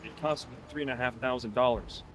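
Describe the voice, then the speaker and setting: A man's voice: mid-range voice, fairly even intonation, a little fast, a bit bright, slight background noise, natural voice. An actor playing a polished, insistent young businessman who coaxes and pressures, in a fan film drama. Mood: coaxing. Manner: smooth, insistent, coaxing. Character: polished, pushy young businessman turning violent. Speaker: actor playing a smooth, menacing yuppie.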